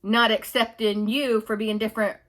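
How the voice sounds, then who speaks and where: Rambling, exasperated woman with a high voice. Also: level tone, normal speed, a bit bright. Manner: rambling, exasperated, laughs while telling stories; mocks others in put-on whiny voices. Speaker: vlogger. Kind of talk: casual opinion monologue.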